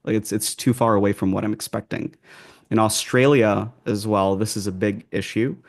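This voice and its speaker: A man with an American accent speaks in a very low voice with a gravelly edge. As an accent coach being interviewed, he explains his points casually, with plenty of fillers and false starts. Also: fairly even intonation, moderate pace. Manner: loose and conversational, many fillers and restarts.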